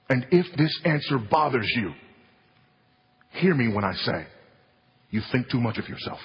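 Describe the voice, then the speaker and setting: A man's voice: mid-range voice, very animated, moderate pace, long pauses, big-room sound, muffled recording. A man preaching a sermon in an emphatic, repetitive style, driving points home with solemn, falling stresses.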